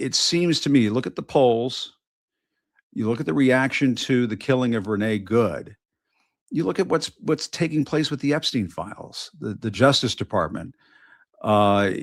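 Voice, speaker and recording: A middle-aged man hosting his own news show, delivering an impassioned, emphatic political monologue full of repetition and profanity, with halting restarts. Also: medium pitch, no room sound, clean studio sound. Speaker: host of an independent news show.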